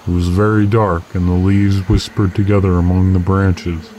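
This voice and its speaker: A man reading an old adventure tale aloud as first-person narrator, in a measured, steady manner. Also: low-pitched, slight background noise, poor audio.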